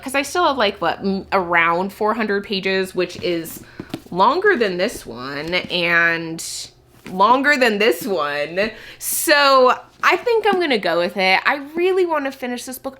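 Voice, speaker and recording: Young woman, casual book vlog, sick with a cough, rambles and thinks aloud, middle-pitch voice. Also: fairly bright tone, a little hiss or hum. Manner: chatty, thinking aloud, lots of "like" fillers. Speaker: book vlogger. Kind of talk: casual chat to camera.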